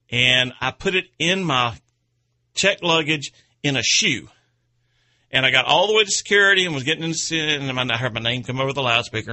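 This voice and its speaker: Hosting an outdoors radio show, a man chats in a folksy, rambling way and chuckles at his own stories, keeping it casual. His medium-pitched voice sounds pushed and bright.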